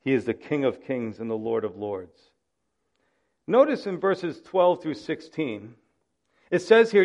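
A pastor with a highish voice preaches a sermon, recorded with the high frequencies cut off. He's dramatic, acting out the voices of the people in his stories.

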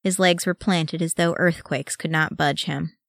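A woman reading fan fiction aloud as an audiobook, with a steady read that voices each character. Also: sits low, unhurried, vocal fry, no room sound, clean studio sound. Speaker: audiobook reader.

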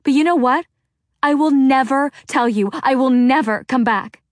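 Woman reading defiant teen girl, raised pitch, loud, indignant, storybook, dry sound. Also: fast, dry recording, natural voice. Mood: furious. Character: defiant teenage girl, wild and fierce.

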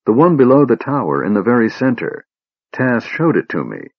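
A man's voice: medium pitch, very animated, normal speed, breathy edge, dry recording, highs cut off, pitched above the performer's own voice. A man voicing a determined young elf woman in an audiobook, urgent and pleading. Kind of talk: audiobook character voice.

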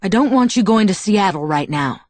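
A woman reading the part of a sullen, gruff middle-aged father in an audiobook, with curt, grumbling lines. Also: mid-range voice, animated, moderate pace, darkish tone, no echo, voice pushed up, lightly acted.

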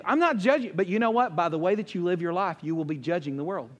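A man preaching a sermon in a folksy, conversational way, acting out quoted voices and swinging from loud high bursts to low hushed lines. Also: expressive, fast, few pauses. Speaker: pastor.

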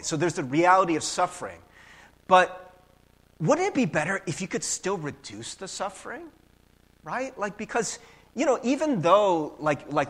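A male pastor preaching a casual, conversational sermon. He keeps tagging his points with "right?" and sometimes acts out quick little voices. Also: slightly rough. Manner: casual, animated preaching with frequent "right?" tags; acts out voices with big pitch jumps.

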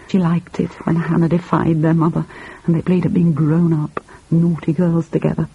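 A man reading a story aloud in a measured, reflective, musing manner. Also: fairly high pitch, little pitch movement, gravelly, dark tone, a little hiss or hum, rough recording. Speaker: narrator. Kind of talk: audiobook reading.

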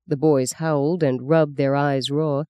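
An audiobook narrator reading a novel in an even, measured storytelling manner. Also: medium pitch, clean tone, dry recording. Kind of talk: scripted narration.

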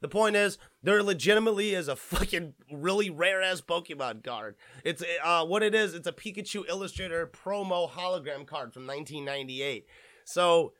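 A man's voice: a little high, moderate pace, fairly bright tone, no room sound, studio quality. A young man hosting a podcast, rambling and swearing freely as he rants and mocks. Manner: profane, rambling, mocking. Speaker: podcast host. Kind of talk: casual podcast rant.

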